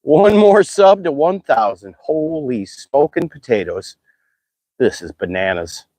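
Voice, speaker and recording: A man casually chatting on a live stream while fishing, excitable and talkative, whooping when thrilled. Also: mid-range voice, measured pace, no echo.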